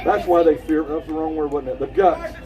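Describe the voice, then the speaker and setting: A man giving an impassioned rally speech outdoors, preaching and shouting at the crowd. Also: fairly high pitch, big pitch swings, fairly quick, distant mic, heavy background noise. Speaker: rally speaker.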